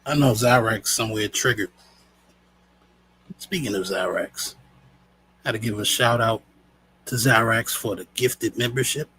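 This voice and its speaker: A man hosting a live stream, casual and slangy, shouting out viewers. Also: on the low side, a little slow, long pauses, breathy edge, low-quality recording. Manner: laid-back, slangy, says "you know what I'm saying". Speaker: show host.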